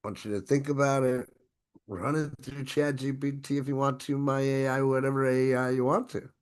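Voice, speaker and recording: A man hosting an online training session, coaching in an energetic, exclamatory way. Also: medium pitch, a little fast, clear, resonant tone. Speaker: host.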